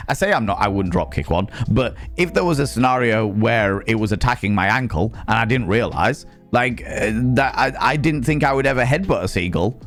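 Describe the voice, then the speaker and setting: A man's voice: medium pitch, a bit bright. A young man streaming live, chatting casually with a jokey, profane, rambling manner as he reads chat aloud.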